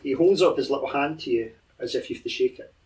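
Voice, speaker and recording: A man's voice: medium pitch, fast, darkish tone, far from the mic, rough recording. A man running a tabletop game as game master, describing scenes in a rambling, hesitant way.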